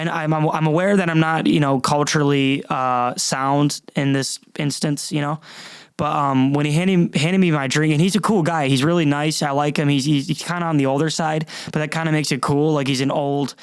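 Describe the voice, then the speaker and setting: A man's voice: mid-range voice, creaky, smooth, no echo. A young man hosting a podcast, talking casually in a rambling, self-interrupting way with frequent swearing, in front of a camera at his computer. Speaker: podcast host. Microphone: camera and computer at a desk.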